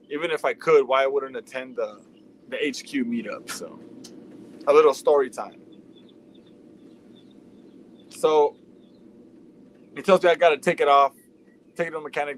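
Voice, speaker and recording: Man, casual livestream story time, profane, conversational, average pitch. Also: poor audio. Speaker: livestream host. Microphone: streaming mic.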